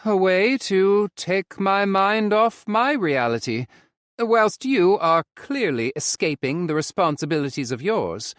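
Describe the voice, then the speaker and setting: A man's voice: big pitch swings, a little slow, fairly bright tone, no echo, heavily acted. Guy narrator doing a cheeky teasing young man, bouncy lilting voice, dry close sound. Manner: teasing, lilting and raised in pitch. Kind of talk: audiobook character voice.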